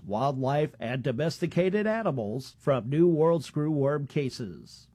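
A man reporting agriculture news for radio in a measured, formal read. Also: fairly high pitch, a little mellow, breathy edge, no echo.

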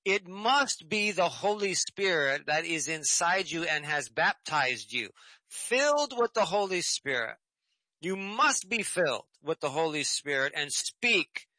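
A man's voice: fairly high pitch, animated, slow pace, sharp tone, no room sound, low-quality recording. A man hosting a call-in radio program, reading scripture and preaching emphatically, repeating key phrases, then taking callers. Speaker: radio show host and preacher.

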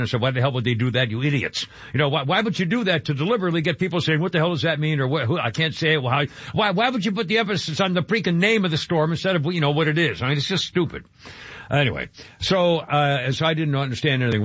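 A man's voice: mid-range voice, fairly bright tone, breathy edge, no room sound. A man hosting a radio talk show, rambling, joking and often breaking off mid-sentence. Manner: rambling, self-interrupting, jokey. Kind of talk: casual radio banter. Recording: dull lo-fi radio broadcast.

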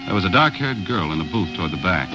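An actor narrating as a laconic boat captain in an old radio drama, matter-of-fact and dry. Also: male voice, low voice, sing-song, fast talker, over music, low-quality recording.

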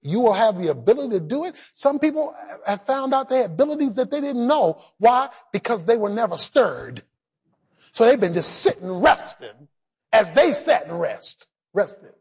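A male pastor preaching a sermon, driving his points with shouted emphasis and getting the congregation to repeat lines back to each other. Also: high-pitched, big pitch swings, normal speed, husky.

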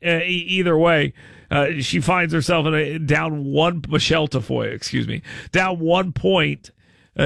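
A man hosting a casual news commentary show, animated and quick to exclaim, restarting his sentences often. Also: fairly high pitch, vocal fry, dry recording. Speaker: show host.

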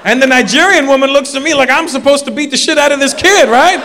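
A man's voice: very high voice, fast, pushed and bright, long reverb tail, a little hiss or hum. A man performing a stand-up routine, telling an anecdote in a conversational way with quoted voices. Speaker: stand-up comedian.

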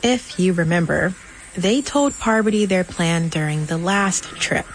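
A woman narrating a documentary story in a measured, scripted delivery over a music bed. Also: lowish voice, rough recording.

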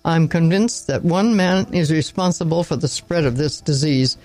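A man reading the lines of a weary, contemptuous young country doctor who speaks in sharp, clipped phrases. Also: fairly high pitch, normal speed, dry recording, soft background music, lightly acted. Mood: angry.

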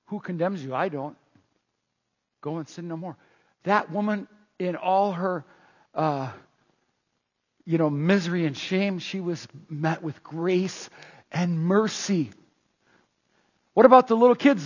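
A man preaching a sermon in an animated way, full of rhetorical questions, in a dull, echoey hall recording. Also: high voice. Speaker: pastor.

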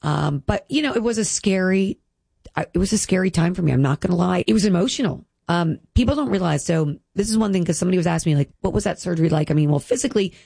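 A woman's voice: on the low side, expressive, fast talker, gravelly, mellow, husky, dry recording. A woman in her thirties, a guest speaking earnestly and emotionally about her health, with many "like" fillers. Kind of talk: candid personal interview.

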